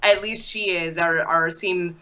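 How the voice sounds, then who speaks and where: A woman co-hosting a podcast recap in a slightly low voice. Her tone is bright and forward. She is wry, reads from her notes and drops quick quips as she talks. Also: fairly even intonation, clean tone. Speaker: podcast co-host. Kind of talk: casual recap chat.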